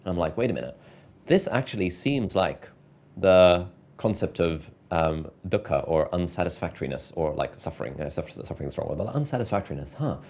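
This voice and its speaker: A man speaking as a podcast guest, reflective and measured in his answers. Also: sits low, animated, darkish tone. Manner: thoughtful, measured, many "like" fillers. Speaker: guest, content creator. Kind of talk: reflective interview talk.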